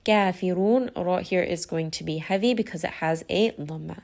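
A woman's voice: low voice, vocal fry, darkish tone. Patient woman teaching Quran recitation. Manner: patient, methodical, slows down to model recited words. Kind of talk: tajweed lesson, explaining and modelling recitation.

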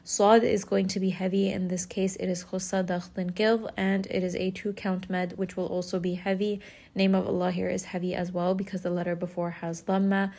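A woman's voice: lowish voice, level tone, normal speed, a little mellow. A woman teaching Quranic recitation rules step by step, patiently explaining and modeling each sound. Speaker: tajweed teacher.

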